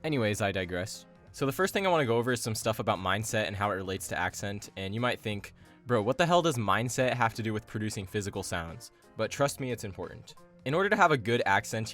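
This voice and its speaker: A young man giving a casual, chatty explainer on language learning, full of slang and quick asides. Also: lowish voice, fairly bright tone.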